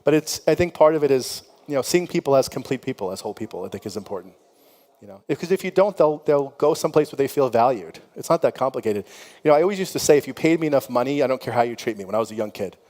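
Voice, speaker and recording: This middle-aged founder talks fast and expressively in a medium-pitched, slightly mellow voice. Sitting on a conference panel in a conference hall, he shares open, casual stories full of "you know" and laughs, with long hall reverb on the recording.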